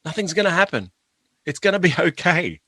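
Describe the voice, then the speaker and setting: A man tells stories on a podcast with a bright, forceful tone and a slightly raised pitch. He acts out each scene with animated energy. The sound is dry and close, with no room. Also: brisk, dry recording. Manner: animated, laughing storyteller acting out scenes. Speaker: guest. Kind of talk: podcast interview, anecdotal storytelling.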